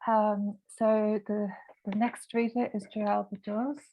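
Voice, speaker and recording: A woman's voice: medium pitch, level tone, unhurried, warm tone, rough recording. A woman moderating a webinar, introducing the next reader hesitantly with many fillers. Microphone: video call.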